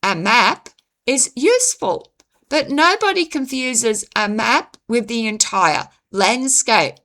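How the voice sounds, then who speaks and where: A woman narrates her own reflective commentary, pausing often between phrases. Her voice sits a little high and sounds bright and clear. She takes her time, speaking at a very unhurried pace. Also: lively intonation. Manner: measured, deliberate delivery with frequent pauses. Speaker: channel host reading her own essay.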